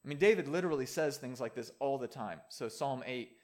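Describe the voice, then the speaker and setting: A man's voice: medium pitch, expressive, brisk, a little mellow. A man preaching a sermon in a conversational way, with playful asides.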